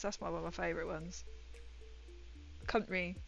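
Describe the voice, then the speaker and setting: A woman's voice: lowish voice, steady tone, moderate pace, creaky, long pauses. A young woman chatting casually on her livestream, giggling often and dropping her consonants. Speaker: streamer. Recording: muffled stream audio with faint music.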